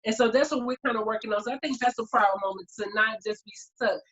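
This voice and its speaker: A woman's voice: a little high, quick pace, breathy edge, dull audio. A woman in her forties, talking candidly and openly in a casual group chat. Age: 40s. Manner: candid, animated storyteller.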